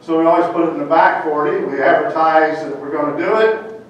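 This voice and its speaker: A man's voice: a little high, a little fast. An older man from Ohio, giving a folksy talk as a farmer and telling stories with a lot of "you know". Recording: echoey hall, distant mic, dull and noisy.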